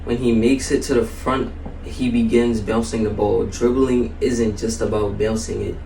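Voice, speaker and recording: A man reading a children's story aloud in a steady, even storybook manner. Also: mid-range voice, moderate pace, gravelly, distant mic, slight background noise. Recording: echoey room, a bit off-mic.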